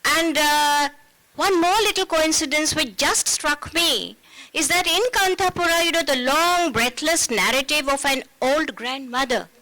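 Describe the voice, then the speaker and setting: Bright high-voiced woman author. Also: unhurried, no room sound, rough recording. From India. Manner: reflective, with frequent fillers. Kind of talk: festival panel conversation.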